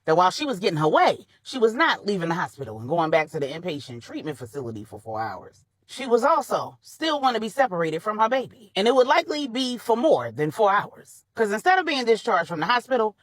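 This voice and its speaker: Woman storyteller, colloquial narration, husky voice, dry close sound. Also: medium pitch, brisk, dry recording, low-quality recording. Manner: colloquial and animated.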